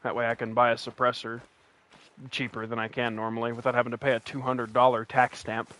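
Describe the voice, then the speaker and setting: A man's voice: medium pitch, monotone, a little fast, sharp tone. Rambling West Virginian man streaming a game. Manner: rambling, joking, many restarts. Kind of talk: casual gameplay commentary.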